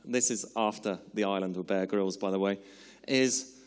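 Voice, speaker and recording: A man preaching a sermon in earnest, slowing down for emphasis and then easing into chatty, humorous asides. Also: sits low, steady tone, clean tone. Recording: long hall reverb.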